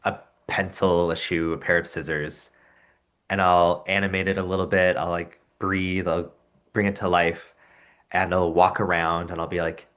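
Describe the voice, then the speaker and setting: A man with a very low voice speaks as a guest on a relaxed podcast. He talks thoughtfully, telling stories and acting out short exchanges as he goes. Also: normal speed. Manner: thoughtful storyteller, acts out anecdotes. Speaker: professional puppeteer, podcast guest. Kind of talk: casual interview chat.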